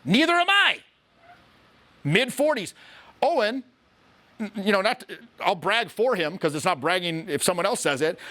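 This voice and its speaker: A man who coaches social skills, explaining casually with animated, profane storytelling. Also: high voice, normal speed.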